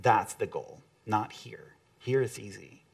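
A man's voice: lowish voice, unhurried, creaky. A man giving a conversational motivational talk to an audience, often acting out quotes from other people.

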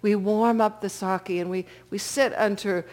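A woman voicing a small, gentle elderly man who speaks softly and slowly to calm a stranger. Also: medium pitch, natural voice. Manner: soft, slow and coaxing.

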